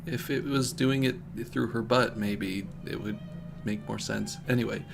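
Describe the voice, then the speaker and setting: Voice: mid-range voice, steady tone, measured pace, vocal fry, over music. A streamer reading an absurd fan story aloud for a charity stream, breaking into laughter and incredulous asides. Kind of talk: comedic live-stream reading.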